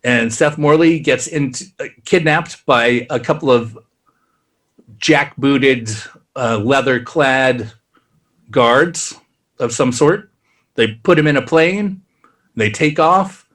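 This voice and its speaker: A man co-hosting a podcast, casually recapping a plot in a rambling way and acting out characters' lines in quick asides. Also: mid-range voice, fairly bright tone. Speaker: podcast co-host.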